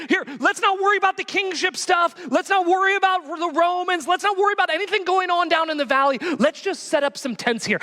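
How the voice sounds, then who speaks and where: A man doing Peter as a giddy, high-voiced disciple who babbles eagerly, offering to build anything at all. His voice leaps well above a man's usual range and hurries. It sounds like a lively sermon story. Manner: gushing, fast, overexcited.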